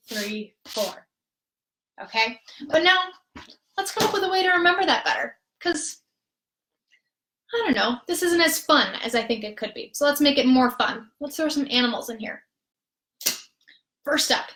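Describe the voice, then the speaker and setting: A woman with a slightly high voice leads a live-streamed rhythm lesson as a music therapist. She is patient and upbeat and counts out the beats slowly and clearly. Her voice rings in a roomy, echoey space. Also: fairly bright tone, slight background noise. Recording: roomy echo.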